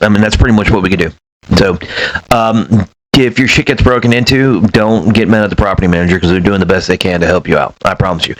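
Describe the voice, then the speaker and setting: A man's voice: lowish voice, rough recording. A man telling stories in a casual, rambling monologue, blunt and profane, with many fillers. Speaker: former self-storage manager.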